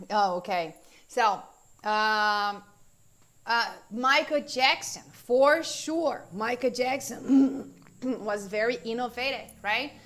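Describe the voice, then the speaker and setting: Chatty teacher with a bright, high voice. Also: female voice, drawn-out words. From Brazil. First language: Portuguese. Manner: chatty and informal, many fillers, asks viewers questions. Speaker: English teacher. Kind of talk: live online class, chatting with viewers.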